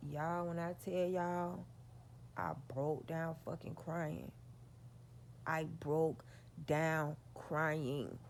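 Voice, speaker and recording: A woman with a low, gravelly voice tells a story to her viewers. She talks straight to them, swears freely and leans hard on her points. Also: steady tone, very slow, slight background noise. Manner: profane, emphatic, talks straight to her audience. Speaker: vlogger.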